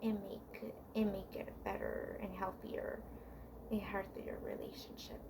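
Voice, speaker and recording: A woman's voice: medium pitch, flat delivery, a little slow, creaky, whispered. A woman vlogger giving heartfelt relationship advice in a casual, confiding monologue, rambling with frequent restarts and fillers.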